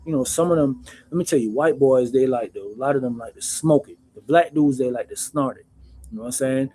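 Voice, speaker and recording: A man hosting his own channel, telling stories in a casual, animated, slangy way, calling everyone "bro". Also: mid-range voice, fairly quick. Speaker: channel host recounting prison life. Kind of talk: casual storytelling to camera.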